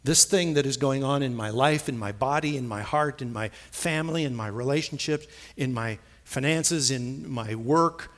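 A middle-aged man preaching a sermon in a church, emphatic and repetitive, swinging between soft asides and loud, stressed phrases. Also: medium pitch, normal speed, few pauses. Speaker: pastor. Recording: long hall reverb.

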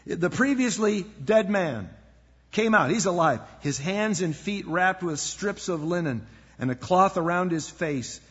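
A man preaching a sermon, his voice a little husky and pitched fairly high for a man. The sound is somewhat dull and lo-fi, with a long reverb trailing off each phrase as if in a church sanctuary. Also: expressive, unhurried. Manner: earnest preaching, drops to a hush for emphasis. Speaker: pastor. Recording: echoey hall, dull lo-fi sound.

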